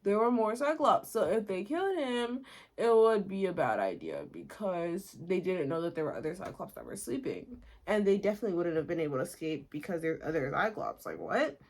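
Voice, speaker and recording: A woman recapping a story in a casual, chatty way, full of "like" and little giggles, with quick asides. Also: fairly low pitch, very animated. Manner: chatty and giggly, heavy use of "like". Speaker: video host recapping a musical. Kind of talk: casual chat.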